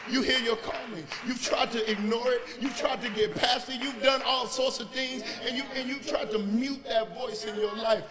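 A man pastor preaching a sermon, telling the story with animated voices and building up to shouts, heard in a large church sanctuary over long reverb with the congregation. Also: very high-pitched, normal speed, few pauses, crowd noise.

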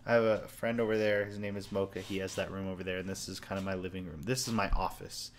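A man's voice: deep voice, fairly even intonation, fast talker, slight background noise. A young man recording a casual personal video message at home, talking in a loose, sincere, rambling way. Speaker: vlogger. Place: home office room.

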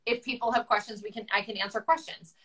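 A woman's voice: mid-range voice, steady tone, fast, sharp tone, rough recording. A middle-aged woman, a guest author, telling her story candidly and with emotion, chatty with many restarts, over a video call.

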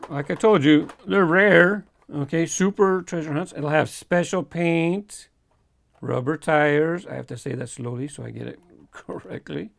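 A man's voice: a little high, normal speed, gravelly. A man hosting his own toy car unboxing video, talking in an easygoing, chatty way and chuckling now and then between remarks. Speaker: toy car collector host. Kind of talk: casual unboxing commentary.

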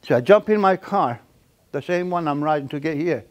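Older man telling stories, slightly high voice. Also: animated, muffled recording. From Akwesasne Mohawk community. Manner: halting, repetitive delivery with many fillers; chuckles while telling stories. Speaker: elder giving a lecture. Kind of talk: storytelling lecture.

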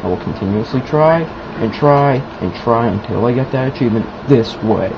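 A man's voice: mid-range voice, moderate pace, vocal fry. Young man, lo-fi gameplay commentary. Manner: mock-serious, then loud and giddy. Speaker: gamer commentating his own play. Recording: lo-fi, noisy home recording.

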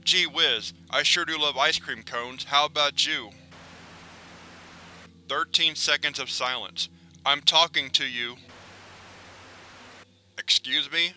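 A man's voice: a little high, takes it slowly, long pauses, pushed and bright, slight background noise, full character voice, low-quality recording. A man voicing a paranoid, threatening male cartoon pelican who bullies and demands approval. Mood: demanding.

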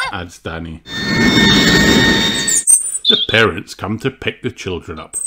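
A man reading a children's picture book aloud with clear, expressive storytelling. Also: low voice, slow pace, pauses often. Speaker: audiobook reader. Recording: noticeable background hiss.

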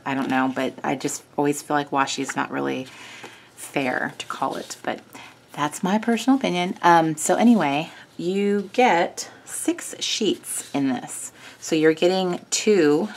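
Low-voiced woman chatting through a craft kit. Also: slight background noise. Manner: chatty and gushing, with small self-corrections. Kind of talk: casual product walkthrough.

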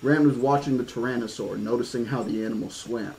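A man's voice: medium pitch, steady tone, fairly quick, a little mellow, low-quality recording. A man reading a horror-themed novel aloud, stopping now and then for casual asides and restarts. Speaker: audiobook reader.

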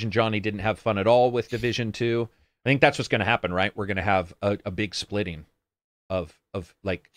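A man's voice: lowish voice, fairly bright tone, dry recording. Sarcastic man reading chat, dry sound. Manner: rambling, swears freely, sarcastic asides. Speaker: stream co-host reading viewer comments. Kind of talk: casual gaming chat.

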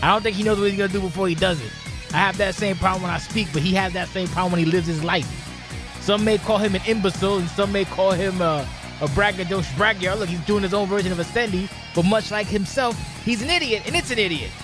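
Man, color commentator, sarcastic and rambling, high voice, music behind. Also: fast talker. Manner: sarcastic, rambling, mocking insults. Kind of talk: joking wrestling game commentary.

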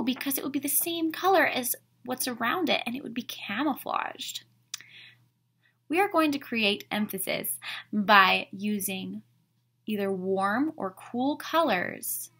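This woman art teacher has a medium-pitched, bright and forceful voice. Teaching children online, she stays upbeat, quizzes them directly and walks them through their drawing one step at a time.

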